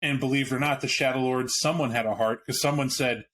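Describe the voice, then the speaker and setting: A man's voice: medium pitch, fairly even intonation, fast, a bit bright, slight background noise. A man hosting a podcast, talking casually and bluntly about a tabletop game book, swearing now and then and restarting his sentences as he thinks aloud. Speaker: podcast host.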